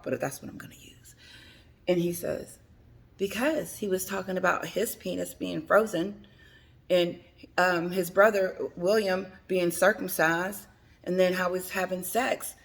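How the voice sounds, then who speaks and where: A woman's voice: fairly low pitch, vocal fry. A woman giving chatty, dramatic celebrity gossip commentary on her vlog. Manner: chatty, dramatic, laughs between remarks.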